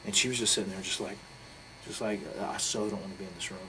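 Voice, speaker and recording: A man speaks in a fairly low voice, words tumbling out quickly. He is blunt and profane as he recounts a heated personal story in a candid interview, with faint noise behind him. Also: steady tone. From North Carolina. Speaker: interviewee, professional wrestler.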